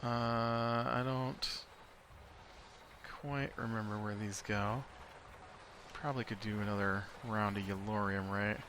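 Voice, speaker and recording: A man's voice: lowish voice, fairly even intonation, slow, pauses often, a bit bright, slight background noise. An American man giving casual gameplay commentary, thinking aloud and rambling with lots of fillers. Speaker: let's play host.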